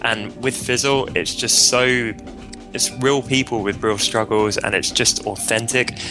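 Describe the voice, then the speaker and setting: A man with a British accent giving a casual testimonial, laid-back and quick to laugh, with plenty of "like". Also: mid-range voice, steady tone, music in the background. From Britain. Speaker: guest in a testimonial.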